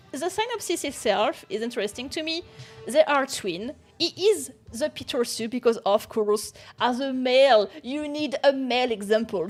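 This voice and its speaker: A young woman streamer, not a native English speaker, chatting casually with lots of giggles and restarts. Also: sits high. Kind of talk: casual chat.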